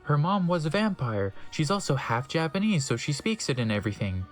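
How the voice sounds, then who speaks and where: An animated reader narrates fan fiction as a comic dramatic reading. The voice swings widely in pitch, then drops low for deadpan asides. Faint music plays underneath. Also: fairly quick.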